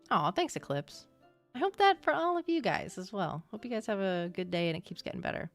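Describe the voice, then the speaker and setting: A young woman livestreamer chatting casually and excitably with her viewers, swearing now and then. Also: mid-range voice, fairly quick, soft background music. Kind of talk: casual chat with live chat.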